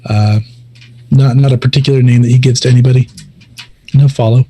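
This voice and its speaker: A man's voice: mid-range voice, steady tone, fast talker, dark tone. A man playing a tabletop game, describing his character's actions in an easygoing way. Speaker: player.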